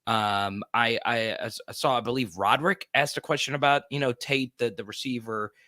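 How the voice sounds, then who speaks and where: An upbeat man co-hosts a casual sports talk show with a bright, forceful voice. He talks quickly and often restarts his sentences. The sound is dry and close. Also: medium pitch, fairly even intonation, no echo.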